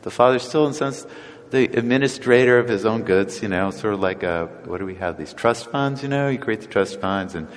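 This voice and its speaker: A man's voice: on the low side, a little fast, long reverb tail. A man preaching a casual, conversational sermon, often chuckling and acting out the voices of people in the stories.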